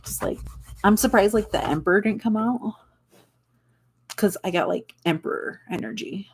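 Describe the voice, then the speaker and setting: A woman's voice: mid-range voice, normal speed, a little hiss or hum. A young woman giving a casual tarot reading, rambling and searching for words with many fillers and little laughs. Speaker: tarot reader.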